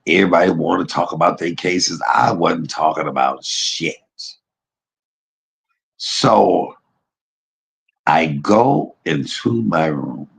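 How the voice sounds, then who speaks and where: A man casually telling a personal story to his viewers, animated, blunt and profane, laughing at himself as he goes. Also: sits low, takes it slowly, vocal fry, pauses often, breathy edge. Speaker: vlogger.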